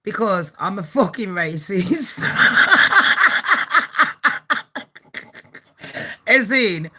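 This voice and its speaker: A woman's voice: medium pitch, very animated, extremely slow, pushed and bright, slightly rough. An English woman with a Birmingham accent, hosting a gossip channel, talking in a brash, foul-mouthed way and laughing often. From England. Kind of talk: casual gossip vlog.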